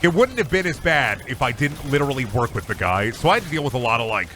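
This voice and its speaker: A man's voice: medium pitch, sing-song, fast talker, sharp tone, slight background noise. A male streamer giving casual gaming commentary, rambling and swearing freely.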